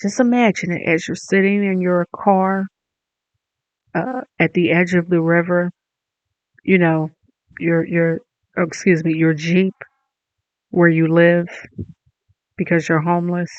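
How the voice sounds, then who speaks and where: An online commentator delivering a mocking, profane rant that spins into a drawn-out, taunting made-up story. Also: mid-range voice, darkish tone, dry recording, lo-fi sound.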